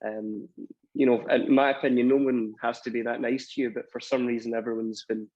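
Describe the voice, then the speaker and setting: A man's voice: mid-range voice, little pitch movement, fairly quick, darkish tone, dry recording. A Scottish man speaking as a guest musician on a video panel, hesitant and full of fillers. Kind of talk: casual video panel chat. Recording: dull dry video call audio.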